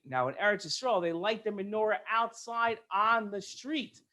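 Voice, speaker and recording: High-voiced man telling a kids' story. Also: moderate pace, hardly any pauses. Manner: lively, explaining as he goes. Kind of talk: storytelling for children.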